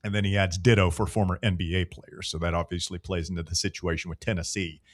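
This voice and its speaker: A man's voice: low voice, level tone, fast, dry recording. A man hosting a sports talk radio show, trading sarcastic, needling banter with his co-hosts.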